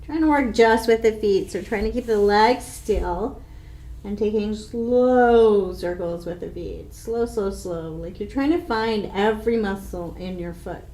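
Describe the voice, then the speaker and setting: A woman guiding a yoga class with slow, calm, soothing instructions. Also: medium pitch, roomy sound.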